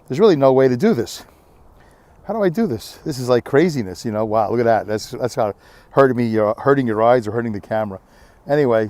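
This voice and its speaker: A middle-aged man speaks at an ordinary pitch in a tired, rambling way, like an outdoor vlog shot on a handheld camera. His talk is candid and a little self-mocking, with plenty of fillers. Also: a little mellow, no echo. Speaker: vlogger. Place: windy beach outdoors.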